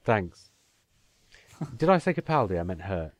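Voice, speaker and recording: Male podcast co-host, lower voice, chatty, dry close mic. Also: big pitch swings, a little slow, no echo. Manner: chatty, reads listener emails aloud. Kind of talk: casual podcast discussion.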